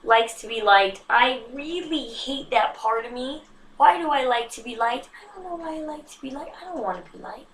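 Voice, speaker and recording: A woman chatting casually to camera, self-mocking and animated, with sudden hushed asides. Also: high-pitched, moderate pace, recorded from a distance, slight background noise. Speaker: vlogger. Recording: roomy echo, slightly off-mic.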